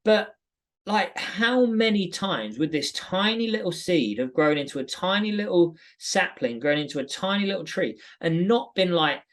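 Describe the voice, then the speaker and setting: A man from Britain co-hosting a podcast, giving a chatty, animated Bible commentary full of asides. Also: high voice, normal speed. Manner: chatty, animated storytelling with many "like"s. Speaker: podcast co-host. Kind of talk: casual Bible commentary chat.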